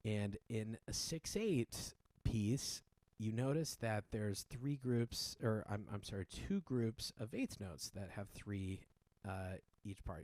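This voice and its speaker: A man teaching a piano piece in a relaxed, explanatory way, with many fillers and restarts. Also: fairly low pitch, unhurried, dry recording. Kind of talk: casual spoken tutorial. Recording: piano playing loudly behind. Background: loud piano playing.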